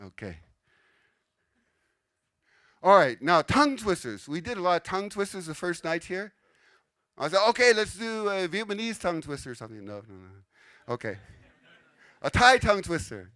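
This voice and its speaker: In a conference room, an older conference speaker delivers a casual, explanatory talk to a live audience, often pausing to ask "okay?". His voice sits high and sing-song, bright and forceful, at normal speed with long pauses.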